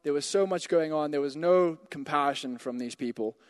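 A pastor telling a personal story in a sermon, rising to emphatic calls to the congregation. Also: male voice, a little high, moderate pace, long reverb tail. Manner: storytelling, builds to emphatic exhortations.

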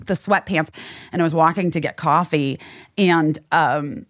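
A woman's voice: low voice, a little slow, no room sound, clean studio sound. A woman co-hosting a podcast, telling stories in a casual chat and acting out other people's voices. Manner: animated storytelling, acts out others' voices. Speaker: podcast co-host.

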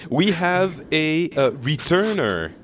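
A man's voice: a little high, very animated, slow, a little hiss or hum. A man with a French accent hosting a casual online round-table chat, joking often, with many fillers and restarts. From France. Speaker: podcast host.

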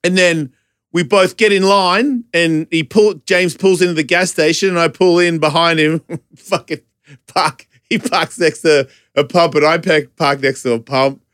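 Here the Australian man sounds higher-pitched, with a clean tone and measured pace in a dry studio-quality recording. Still animated and profane, he laughs his way through a chaotic story in casual conversation.

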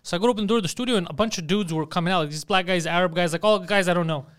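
A man telling a profane, animated story in casual chat. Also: high-pitched, very fast, clear, resonant tone. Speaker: podcast host.

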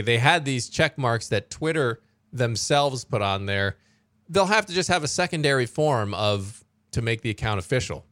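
A man co-hosting a news podcast in casual chat, relaxed and conversational, steering the talk to the next story. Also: medium pitch, dry recording. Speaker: podcast co-host.

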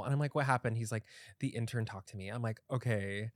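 A man's voice: on the low side, quick pace, no echo, studio quality. A young man hosting a podcast in casual chat, talking loosely with lots of "like" and frequent laughs. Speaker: podcast host.

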